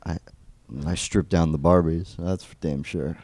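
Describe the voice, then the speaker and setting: Young male podcast co-host, low mellow voice, crude rambling jokes, dry close sound. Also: steady tone, unhurried, no echo. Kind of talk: casual comedic chat.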